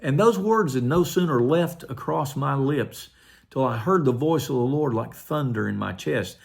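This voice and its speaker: Older gravelly pastor giving testimony. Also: male voice, mid-range voice, expressive, normal speed. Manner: earnest, quietly emotional storytelling. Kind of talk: personal testimony.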